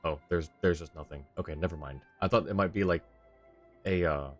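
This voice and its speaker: Deep-voiced tired man streaming a game. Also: brisk, soft background music. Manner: laid-back, chuckling asides, thinking out loud. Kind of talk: casual gameplay commentary.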